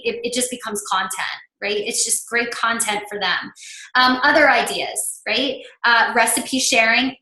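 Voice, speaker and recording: A woman's voice: fairly high pitch, sharp tone. Chatty, emphatic woman coach in an echoey room. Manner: chatty and emphatic, heavy use of "like". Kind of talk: coaching presentation.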